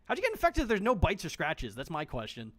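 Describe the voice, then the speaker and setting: A male game streamer with a slightly high voice that swings widely in pitch. He jokes around, swears freely and talks straight to the characters on screen in a loose, casual way. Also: wildly swooping pitch, fast talker, a bit bright. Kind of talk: casual gameplay commentary.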